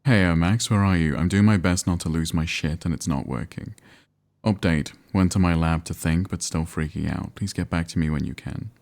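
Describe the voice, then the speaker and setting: A man reading out texts from an anxious, frazzled young man, in a casual deep voice. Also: normal speed, creaky, a little mellow. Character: anxious young man, friend, rattled and restless.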